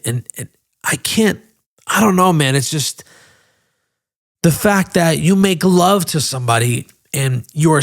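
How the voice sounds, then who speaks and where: A man's voice: fairly high pitch, creaky. A man in his thirties hosting a podcast, telling a personal story in a candid, emotional way with frequent swearing. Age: 30s. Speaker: podcast host.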